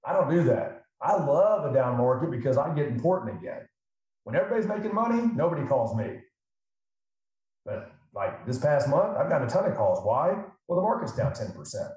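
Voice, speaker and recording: A man's voice: mid-range voice, big pitch swings, a little fast, darkish tone. A middle-aged man who works as a financial advisor, talking casually and animatedly, often acting out his clients' voices. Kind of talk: casual podcast talk. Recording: very echoey room.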